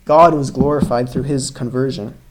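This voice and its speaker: A male preacher delivering a sermon in a mid-range voice. He tells his story earnestly, pressing hard on key words and then dropping almost to a hush. He talks straight to his congregation. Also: medium pitch, steady tone, normal speed, slight background noise, rough recording. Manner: earnest, emphatic storytelling, swings between loud stresses and hushed lines; addresses listeners as brothers and sisters.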